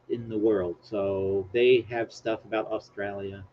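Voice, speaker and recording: A man with a lowish voice hosts an easygoing stream, speaking flatly and unhurriedly as he rambles, makes jokes about himself, and reads aloud from his screen. Expect dull lo-fi audio with faint hiss.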